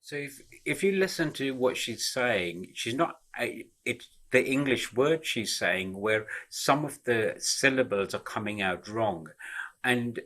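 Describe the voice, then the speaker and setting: A man's voice: mid-range voice, lively intonation, unhurried, a bit bright. A man giving an explanatory lecture, working through ideas step by step with frequent fillers and restarts. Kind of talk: explanatory talk.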